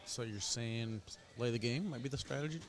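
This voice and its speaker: A man's voice: medium pitch, normal speed, noisy background. A man giving casual, chatty play-by-play commentary on a cornhole match, joking with his co-host.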